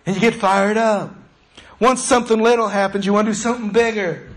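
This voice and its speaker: A man's voice: sits high, steady tone, fairly quick. A male pastor preaching a sermon in a conversational, storytelling way.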